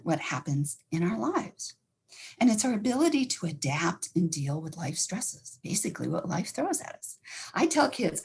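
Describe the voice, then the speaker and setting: Fast-talking woman counselor, super husky breathy voice, lots of up and down. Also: lowish voice. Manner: fast-talking, animated, acts out inner thoughts. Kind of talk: educational talk.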